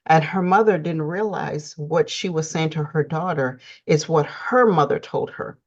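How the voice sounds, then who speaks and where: A woman's voice: low-pitched, normal speed, lo-fi sound. A woman from Canada hosting a talk show, chatting casually with many fillers. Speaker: host. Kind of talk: casual conversation.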